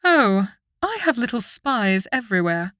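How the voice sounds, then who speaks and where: A woman's voice: on the high side, big pitch swings, unhurried, a bit bright, dry recording. A woman voicing a cold, scheming fairy queen who talks down to others with silky menace, read dry and close for an audiobook. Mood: menacing.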